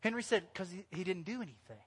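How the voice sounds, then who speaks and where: A man preaching a sermon as pastor, animated and lively, sometimes breaking into loud sung lines. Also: high voice, fast talker, slightly rough. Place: church hall. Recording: long hall reverb.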